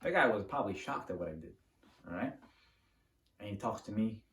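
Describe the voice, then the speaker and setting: A man telling a personal story to the camera in a casual, animated way, acting out the moves as he talks. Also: fairly low pitch, fairly quick. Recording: roomy, from a distance to the mic.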